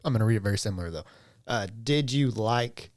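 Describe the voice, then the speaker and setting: A man with a twang runs a casual podcast discussion. He moves quickly through his notes and jokes as he goes. His voice sits close and dry, with no room sound. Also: lowish voice, animated, no room sound. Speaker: podcast host. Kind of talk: casual chat, reading questions.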